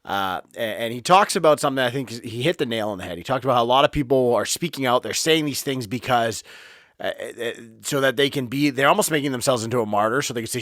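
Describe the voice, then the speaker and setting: Podcast host, male, blunt and heated, middle pitch, dry room. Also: quick pace, a bit bright, no room sound. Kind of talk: casual opinion monologue. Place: home office.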